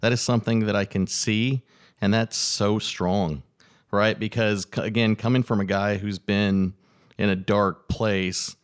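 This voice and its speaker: Low-voiced male podcast host. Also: steady tone, unhurried, smooth. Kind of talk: casual interview chat.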